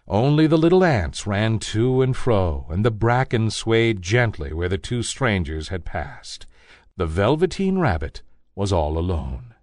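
A man reading a children's story aloud in a gentle, expressive storytelling manner. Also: fairly low pitch, measured pace, no room sound, clean studio sound.

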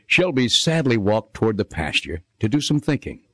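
A man narrating a children's storybook in an expressive, sing-song reading manner. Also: fairly low pitch, normal speed, dry recording.

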